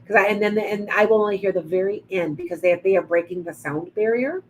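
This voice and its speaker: A woman's voice: medium pitch, quick pace, a little hiss or hum, low-quality recording. A middle-aged woman giving rambling psychic readings on a live stream. She greets viewers by name as she goes. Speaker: psychic medium.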